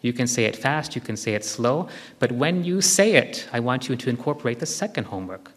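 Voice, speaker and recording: A man's medium-pitched voice fills a big reverberant hall as he teaches spirituality to a live audience. Expressive and brisk, he guides them gently and keeps returning to his key phrases.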